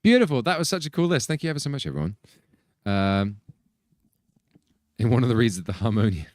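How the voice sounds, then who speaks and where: A band member hosts the group's livestream, reading out viewer messages in a casual, lively way and firing off names in bursts. His medium-pitched voice moves a little quickly, and the recording has no room sound.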